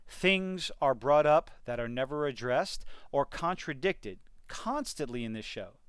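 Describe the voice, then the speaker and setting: A man's voice: mid-range voice, lively intonation, unhurried, clear, resonant tone, no room sound. A man giving an exasperated, sarcastic rant in a video review of a TV series. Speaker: TV review vlogger.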